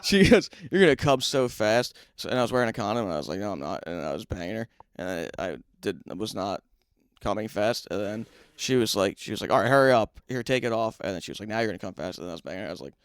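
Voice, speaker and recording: A man's voice: fairly low pitch, animated, quick pace, clean tone, dry recording. Young man teasing crudely, saying dude. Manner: teasing, profane, peppers speech with dude. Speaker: podcast co-host. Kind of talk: crude casual chat. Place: studio.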